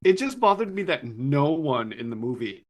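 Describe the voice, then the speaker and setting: A man co-hosting a film podcast, mostly chiming in with short agreeing replies and quick asides. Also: a little high, very animated. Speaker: podcast co-host. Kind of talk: casual film review chat.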